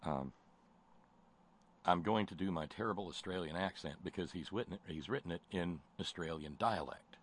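Sarcastic low-voiced talk show host, man. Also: normal speed. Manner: sarcastic, stammering restarts. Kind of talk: casual political call-in talk.

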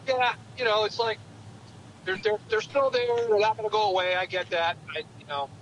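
A man with a high, sharp voice talks politics in a halting way, restarting his sentences again and again. Faint noise hums behind him. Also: muffled recording. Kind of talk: casual political talk.

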